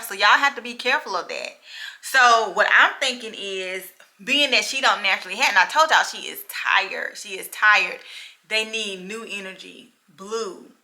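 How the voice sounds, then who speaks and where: A woman's voice: mid-range voice, sharp tone. A woman medium talking casually and emphatically to her viewers, repeating her key points and checking in with them often. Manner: addresses viewers directly with frequent checks. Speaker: spiritual medium. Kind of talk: casual vlog monologue to viewers.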